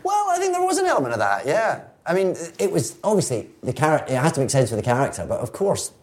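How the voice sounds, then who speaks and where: A Scottish actor, a guest on a podcast, talking casually with wry, playful humor. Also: male voice, a little high, wildly swooping pitch, fast, a little mellow. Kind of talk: casual interview chat.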